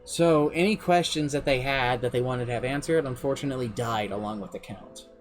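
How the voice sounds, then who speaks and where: A man streaming live as game master, telling the story of his campaign in a casual, animated way with some swearing. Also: mid-range voice, a little fast, faint music behind. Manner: animated, swearing, shifts pace often. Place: home streaming setup.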